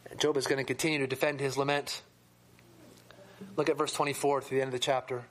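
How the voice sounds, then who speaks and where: A man preaching a sermon reads scripture aloud with mounting intensity, then drops to a lower voice to explain it. He talks fast, and his overall tone stays level.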